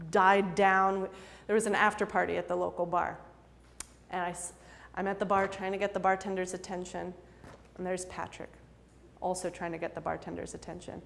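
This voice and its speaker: A woman in her twenties spins a personal story before an audience, chatty and self-deprecating, with frequent laughs and many fillers. Her voice sits at a middle pitch for a woman. A long reverb trails every line, as in a lecture hall. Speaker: storyteller and improv performer.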